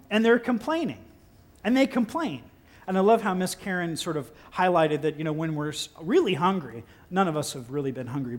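A man with a slightly high voice preaches a sermon in a relaxed, conversational, playful way. He's a pastor who breaks into exaggerated, incredulous outbursts.

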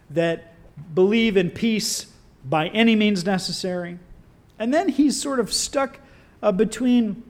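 A man preaching a sermon in an animated, conversational way with wry asides. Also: high-pitched.

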